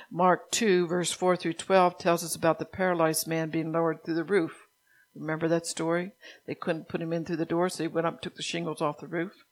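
Soft-spoken older woman preaching, gravelly. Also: sits low. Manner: soft-spoken, unhurried, self-correcting. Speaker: pastor. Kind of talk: sermon.

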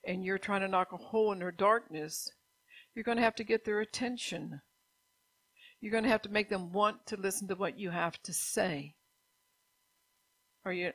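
A woman's voice: medium pitch, fairly bright tone, no echo. A woman giving an informal sermon, talking conversationally with many "you know"s and repeated words. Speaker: preacher.

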